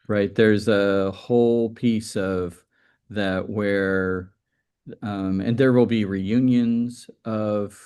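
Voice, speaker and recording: A man's voice: on the low side, fairly even intonation, unhurried, darkish tone. A man moderating a university panel, prompting the guests with questions in a conversational, easygoing way. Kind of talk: panel discussion.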